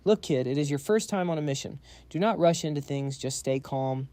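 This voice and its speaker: A man voicing a calm, cautious veteran male agent in a comic recap. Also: a little high, a little fast, no echo, natural voice. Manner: calming.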